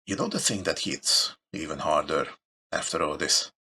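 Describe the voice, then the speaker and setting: A man with a very deep, gravelly voice reads a story game aloud in a slow, unhurried way, adding dry remarks of his own. His pitch moves up and down a lot, and music plays clearly behind him. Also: lively intonation, bright, forceful tone. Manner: dramatic reading with dry asides. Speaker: let's play host. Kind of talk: reading a visual novel aloud with commentary.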